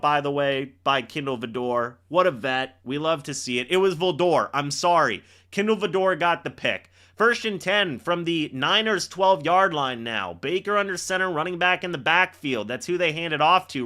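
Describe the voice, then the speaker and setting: A young man hosts a live game reaction stream, calling each play. His voice sits a little high and bright, and his pitch swings widely as he teases the players and shouts on the big plays. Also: expressive, moderate pace.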